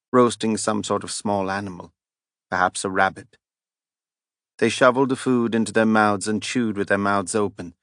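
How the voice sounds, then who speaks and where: A man narrating a fantasy audiobook in an even, measured reading. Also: lowish voice, dry recording, studio quality.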